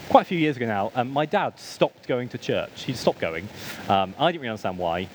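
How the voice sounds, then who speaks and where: A man's voice: mid-range voice, big pitch swings, fairly quick, a little hiss or hum, rough recording. A British man giving a church sermon with humorous asides, self-deprecating stories and frequent ums. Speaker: preacher.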